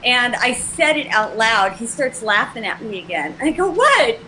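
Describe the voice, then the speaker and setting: A woman guest on a talk show telling a personal story in an animated way, acting out both sides of the dialogue. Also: a little high, normal speed, slight background noise, poor audio.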